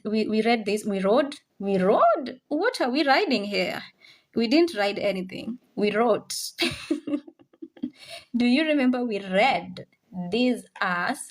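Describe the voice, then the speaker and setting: Her voice on the high side, a woman runs a French lesson online in real time. Each word gets repeated patiently for pronunciation practice, with English and a bit of Swahili blended in.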